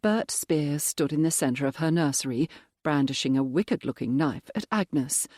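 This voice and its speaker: An audiobook narrator reading a period mystery in a measured, even manner. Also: mid-range voice, dry recording, clean studio sound. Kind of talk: scripted narration.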